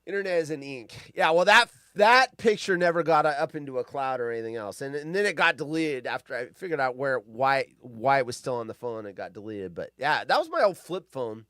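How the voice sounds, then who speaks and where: A man's voice: medium pitch, expressive, brisk, few pauses, a bit bright, dry recording, clean studio sound. A man hosting a live show, chatting casually and reading news stories aloud in a rambling, foul-mouthed way with many restarts. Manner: rambling, swears freely, lots of restarts.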